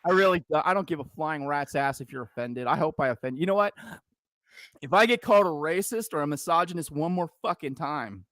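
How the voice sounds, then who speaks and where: Fired-up, foul-mouthed middle-aged man ranting. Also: a little high. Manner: heated, profane, shouting rant. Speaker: podcast co-host, veteran. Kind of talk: casual podcast rant.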